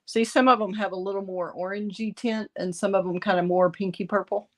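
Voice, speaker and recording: A middle-aged woman, raspy from bronchitis, chatting through a card-making tutorial as she works. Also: medium pitch, fairly even intonation, brisk. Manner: chatty, thinking aloud while working. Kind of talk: casual craft tutorial.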